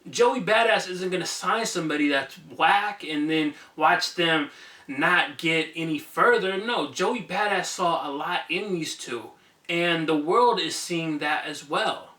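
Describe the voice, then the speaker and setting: Bright-voiced male music reviewer, echoey room. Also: a little high, recorded from a distance. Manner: enthusiastic, conversational, some fillers. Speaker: music reviewer, channel host. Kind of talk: casual spoken album review. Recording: echoey room, voice a bit off-mic.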